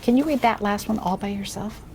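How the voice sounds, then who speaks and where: A woman demonstrating a reading lesson with a young child, speaking slowly and encouragingly, often softly or in a whisper. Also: medium pitch, a little hiss or hum. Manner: patient, slow, encouraging, drops to soft whispers. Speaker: reading tutor trainer.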